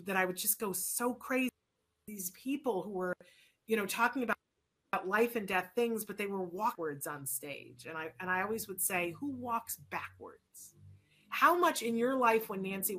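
A woman's voice: mid-range voice, fairly bright tone. A woman hosting a talk show, chatting in a rambling, opinionated way with many restarts. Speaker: show host. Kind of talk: casual chat.

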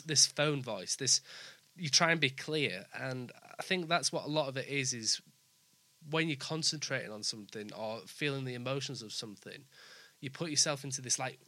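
A man hosting an interview, talking in a mixed Yorkshire and Brummie accent, halting and effusive. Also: a little high, sharp tone, dry recording. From England. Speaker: host. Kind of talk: casual interview chat.

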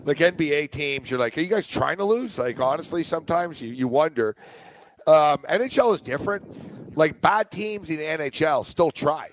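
A man co-hosting a sports betting podcast, animated and opinionated, often laughing. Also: fairly high pitch, normal speed, a little hiss or hum, rough recording. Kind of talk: casual sports betting chat.

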